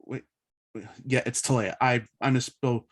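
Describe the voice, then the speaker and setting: A man talks casually and conversationally with his reading partner. His voice sits at an ordinary middle pitch. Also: fairly even intonation, moderate pace. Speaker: co-performer. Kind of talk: casual chat.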